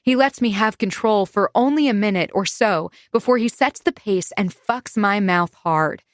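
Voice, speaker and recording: A woman's voice: mid-range voice, moderate pace, dry recording, studio quality. A woman narrating a first-person romance audiobook in an intimate, confiding way.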